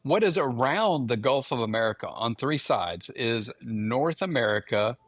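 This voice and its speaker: Chatting casually, a middle-aged man co-hosting a podcast spins stories with animation and acts out the quotes. He talks at normal speed with a medium-pitched voice, and the studio sound is clean with no echo.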